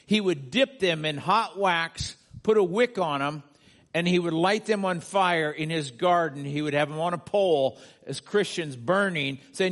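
A man's voice: on the high side, unhurried, a bit bright. A male pastor preaching a sermon from the United States, earnest, building to emphatic peaks and asking the congregation questions.

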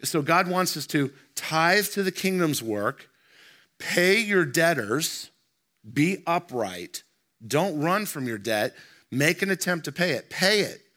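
Bright-voiced male pastor preaching. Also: fairly high pitch, big pitch swings. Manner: emphatic, rhetorical questions to the congregation; slows down to read scripture aloud. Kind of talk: sermon.

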